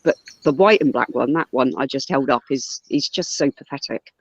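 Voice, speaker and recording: A man's voice: medium pitch, moderate pace, no echo. A man chatting casually on a stream, talking animatedly about his cats. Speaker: stream participant. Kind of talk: casual chat. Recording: dull lo-fi stream audio.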